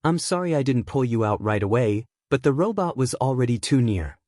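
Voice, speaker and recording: A man voicing a gentle, caring teenage boy hero in a slightly raised voice. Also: medium pitch, big pitch swings, brisk, no echo, studio quality, natural voice.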